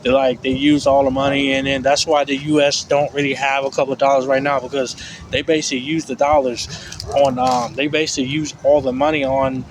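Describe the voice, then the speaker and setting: A man's voice: medium pitch, flat delivery, brisk. A man in a rambling, repetitive, profane casual rant, recorded outdoors. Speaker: vlogger. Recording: outdoor street noise.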